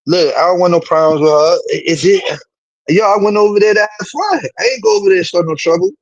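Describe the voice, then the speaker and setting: A man, chatting casually to a live stream audience in an animated, rambling way, swearing often. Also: high-pitched, fast, no echo, muffled recording.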